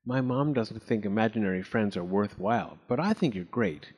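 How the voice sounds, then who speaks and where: A man voicing an imaginative, bossy young girl in a storybook reading, lifting his pitch to sound girlish. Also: expressive, normal speed, darkish tone, breathy edge, in a large hall. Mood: gentle.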